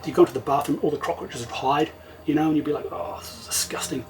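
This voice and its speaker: A middle-aged man tells a story in a relaxed, conversational way. He keeps quoting himself as events unfold, which gives his account a lively, spoken feel. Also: a little high, racing, soft background music, low-quality recording. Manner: vivid retelling, often quoting himself. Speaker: interview guest. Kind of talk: casual storytelling.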